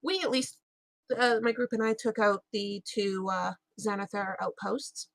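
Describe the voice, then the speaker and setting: A woman's voice: medium pitch, unhurried, dry recording. A woman playing a tabletop role-playing game in character, talking with frequent hesitations and fillers. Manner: hesitant, many fillers and restarts. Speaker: player.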